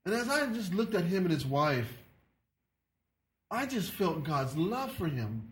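A man preaching a sermon in an earnest, halting way, often repeating his words. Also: high voice, big pitch swings. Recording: echoey room.

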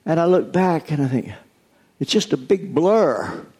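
A man's voice: a little high, animated, a little slow, darkish tone. An older American man, a pastor, giving an earnest, confessional sermon.

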